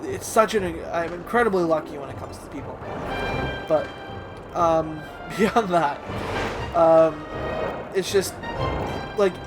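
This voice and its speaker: A man with a high voice chats through a let's play, halting and self-deprecating and full of ums and likes. Game music plays clearly under his talk. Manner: hesitant, filler-heavy and self-deprecating.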